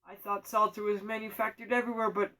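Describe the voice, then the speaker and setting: A man spins a rambling comic monologue in a deadpan manner, tripping over his words and correcting himself. His voice sits fairly high for a man. He sounds distant from the microphone. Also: quick pace. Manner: deadpan, self-correcting, absurd asides. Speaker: storyteller.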